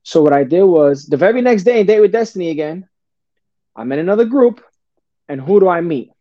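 A middle-aged man telling a personal story as a podcast guest, animated and casual, often calling the host brother or bro. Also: high voice, a little fast, dry recording. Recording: dull, dry lo-fi sound.

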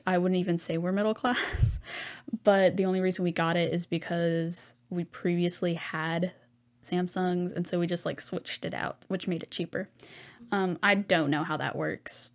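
A woman's voice: fairly low pitch, darkish tone. A young woman hosting a solo podcast, chatting casually and rambling with lots of ums and side comments. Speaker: podcast host.

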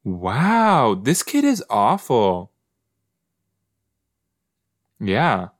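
With a mid-range voice whose pitch swoops wildly, the podcast host speaks very slowly, chatting and musing as he talks back to a show on screen. It's casual reaction commentary. The audio has no room sound and is studio-clean.

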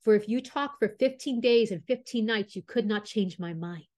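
A proud young princess from a storybook, as a woman reader puts her on, imperious and demanding. Her voice sits at an ordinary middle pitch for a woman. She lays down her conditions firmly. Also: normal speed, darkish tone, close to an everyday voice. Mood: haughty.

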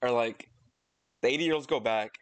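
A man's voice: medium pitch, normal speed, dry recording. A young man co-hosting a comedy podcast, reacting with dry, skeptical remarks. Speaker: comedy podcast co-host playing studio executive. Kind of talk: casual improvised comedy chat.

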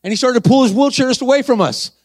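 A man's voice: very high voice, expressive, fast talker, slightly rough, no room sound. A man preaching a sermon, acting out dialogue in his story and calling out to the congregation. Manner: acts out dialogue, calls to the crowd.

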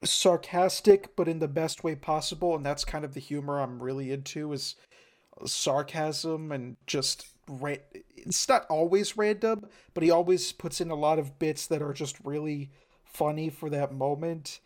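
A man's voice: on the high side, normal speed. A man with a slightly raised voice talks casually on a podcast. He is eager and enthusiastic and often stumbles and repeats a word before he carries on. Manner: enthusiastic, repeats words as he restarts. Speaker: podcast co-host. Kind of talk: casual chat.

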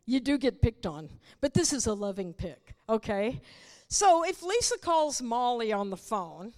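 Slow, high-voiced woman preacher. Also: big pitch swings, darkish tone, in a large hall. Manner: teaching with rhetorical questions to the congregation. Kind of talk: sermon.

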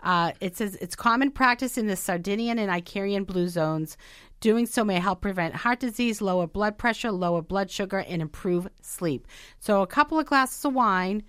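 A woman's voice: mid-range voice, animated, normal speed, a bit bright, clear, resonant tone, dry recording. Chatty woman in a dry close sound. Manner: chatty, reading points from a list and adding stories. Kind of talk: casual talk show chat.

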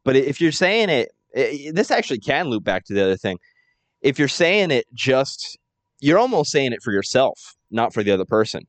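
A man's voice: medium pitch, sing-song, brisk, no room sound. A man in casual podcast chat who often restarts and repeats words as he thinks.

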